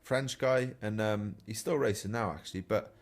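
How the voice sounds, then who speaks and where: A man's voice: lowish voice, moderate pace. A man, a professional cyclist, telling race anecdotes in a casual podcast chat, chuckling now and then as he goes.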